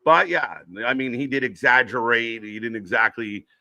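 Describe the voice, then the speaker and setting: A man's voice: medium pitch, moderate pace, bright, forceful tone, dry recording. A man co-hosting a live wrestling watch-along, chatting casually, swearing and reading out viewers' names. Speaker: co-host.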